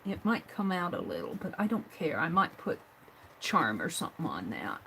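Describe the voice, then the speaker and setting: A woman's voice: on the low side, wildly swooping pitch, moderate pace, vocal fry, fairly bright tone, slight background noise, poor audio. A woman hosting a live craft stream, thinking aloud as she works, trailing off and murmuring under her breath. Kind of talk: live craft stream, talking while working.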